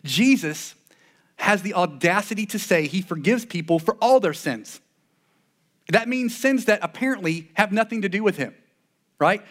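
Male pastor, high voice, earnest conversational sermon delivery with frequent restarts. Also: lively intonation, moderate pace.

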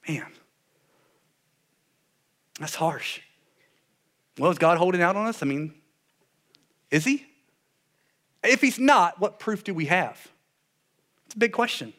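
A male pastor preaches with a slightly higher than average voice. He moves between wry, sarcastic asides and hushed, solemn passages. His delivery is animated and conversational. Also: unhurried, long pauses. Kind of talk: sermon.

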